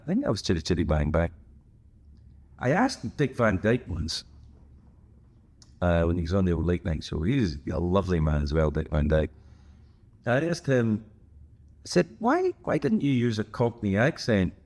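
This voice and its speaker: Low-voiced man in rambling casual chat. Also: sing-song, normal speed, pauses often, darkish tone. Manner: rambling and digressive, wry asides. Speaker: podcast host.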